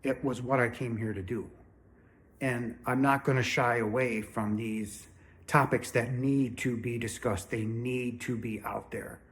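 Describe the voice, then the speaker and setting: A man's voice: mid-range voice, fairly even intonation, unhurried. A man hosting his own spiritual channel, talking straight to the viewer in a blunt, earnest, no-nonsense way. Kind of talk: direct-to-camera spiritual talk. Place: home, indoors.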